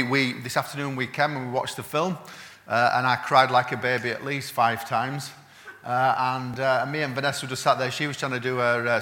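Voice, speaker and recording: A man's voice: mid-range voice, sharp tone. Chatty man preaching in an echoey hall. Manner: chatty, frequent "uh" fillers and restarts. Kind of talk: sermon. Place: church.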